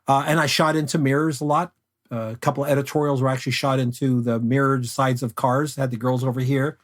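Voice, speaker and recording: An older man, a photography guest, telling stories in a relaxed, unhurried interview chat. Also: medium pitch. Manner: unhurried anecdotal storyteller.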